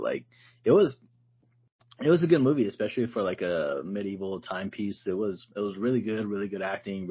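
A man co-hosting a podcast in casual chat, relaxed and loose, says "like" a lot and laughs often. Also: deep voice, breathy edge, lo-fi sound. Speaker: podcast co-host.

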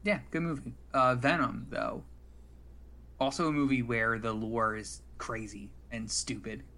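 A man chatting casually about films on a podcast. His delivery is rambling and dry, and he trips over his words and restarts a lot. He sits at a middling pitch. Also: steady tone, measured pace, bright, forceful tone. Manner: rambling, restarts sentences, sardonic. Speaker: podcast co-host. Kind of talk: casual movie chat.

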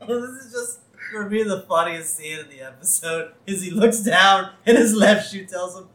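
A man's voice: high-pitched, fairly bright tone, roomy sound. A man casually recapping a cartoon episode as a podcast co-host, acting out quotes as he goes. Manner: retells scenes with quick acted-out quotes.

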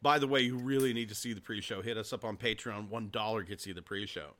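A man in his forties co-hosting a casual podcast, excitable and swearing freely, with frequent laughs. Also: on the low side, fast talker. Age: 40s. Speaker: podcast co-host. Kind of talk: casual chat.

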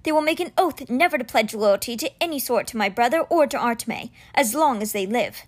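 A woman's voice: on the high side, animated, a little fast. A woman reading a storybook aloud, voicing a tense young male ruler who gives stern orders.

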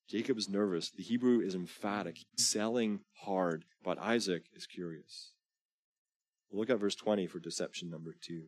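A man's voice: deep voice, moderate pace, a little mellow, no room sound. A man preaching a sermon as pastor, urging his listeners earnestly and reading scripture aloud with rising emphasis. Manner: earnest exhortation.

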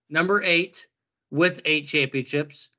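A man's voice: a little high, very slow, pushed and bright, dull audio. A man hosting a podcast in casual chat, joking and laughing often as he talks. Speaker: podcast host.

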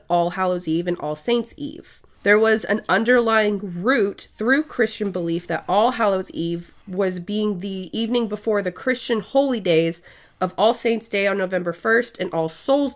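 A woman co-hosting a podcast, reading history notes in a steady way and laughing along with casual banter. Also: mid-range voice. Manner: reads facts steadily, quick to laugh along. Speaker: podcast co-host.

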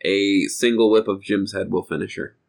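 A man's voice: fairly low pitch, steady tone, moderate pace, gravelly, low-quality recording. A man co-hosting a casual video game podcast, talking in a rambling, hesitant way with many fillers. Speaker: podcast co-host. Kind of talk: casual game review chat.

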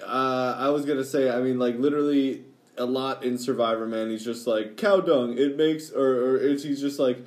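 A man's voice: mid-range voice, little pitch movement, normal speed, darkish tone, roomy sound. A young adult man with a Minnesotan accent hosting a casual podcast chat, laughing often and restarting his sentences. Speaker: podcast host.

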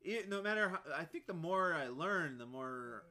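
A man from the Chicago area chatting on a podcast, halting, with dry deadpan humor. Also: fairly high pitch. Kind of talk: casual podcast chat. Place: apartment.

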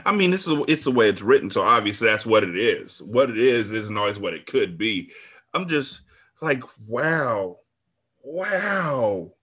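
A man hosting a book club podcast reacts to the story with lively, animated exclamations. His pitch swings widely and he stretches out his reactions. He often repeats himself as he thinks aloud. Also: a little slow, slightly rough. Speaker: podcast host.

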